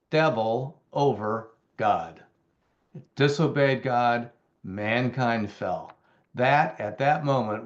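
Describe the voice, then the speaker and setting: A man's voice: medium pitch, highs cut off. A man teaching from the Bible in a conversational way, reading verses aloud and explaining them with emphatic repeats and the odd filler.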